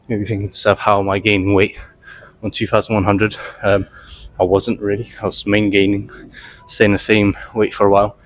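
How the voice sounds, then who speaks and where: Slightly breathless low-voiced man. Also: no room sound. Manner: rambling, with many fillers. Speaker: fitness vlogger. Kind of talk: casual gym vlog talk to camera. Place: gym, on a treadmill.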